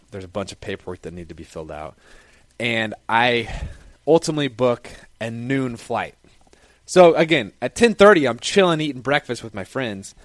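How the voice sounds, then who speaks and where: Young man telling a story, low dry voice. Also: no room sound. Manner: conversational, lively recounting. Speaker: football player. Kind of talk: casual first-person storytelling.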